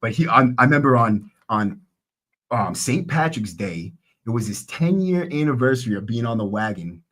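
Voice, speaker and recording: A man hosting a podcast, telling animated stories in casual chat, swearing and jumping into a higher voice for quotes. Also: normal speed. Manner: animated storyteller who acts out quotes in a raised voice, swears freely.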